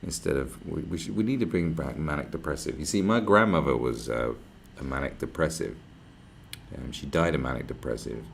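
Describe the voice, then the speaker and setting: A man's voice: very deep voice, brisk, creaky, slight background noise. A man chatting live on his stream, rambling and swearing freely as he reads out messages from viewers. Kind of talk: casual livestream chat. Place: where he is staying, not his home.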